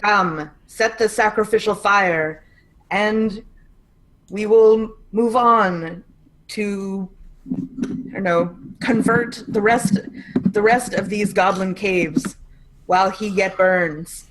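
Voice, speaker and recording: A pompous zealot priestess who speaks slowly and grandly, as if pronouncing holy judgment, as a woman puts her on. Her words are drawn out and solemn. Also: mid-range voice, fairly bright tone, a little hiss or hum, rough recording. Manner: slow, declaiming.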